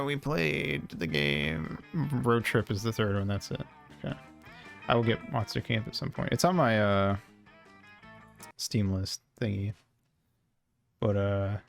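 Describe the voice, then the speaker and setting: A man's voice: on the low side, measured pace, creaky, long pauses, faint music behind. A man streaming and chatting casually, muttering to himself and swearing offhand as he browses.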